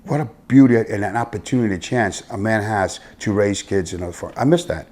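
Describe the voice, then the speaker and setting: Man with a Miami accent, husky low voice, blunt storyteller, shifts from booming to hushed. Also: brisk. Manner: blunt, swings from loud to hushed. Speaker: interview guest, youth football coach. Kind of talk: casual storytelling conversation.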